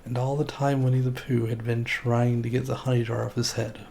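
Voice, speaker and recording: A man streamer reading a children's storybook aloud in a relaxed, folksy way. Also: mid-range voice, brisk, vocal fry, a little hiss or hum.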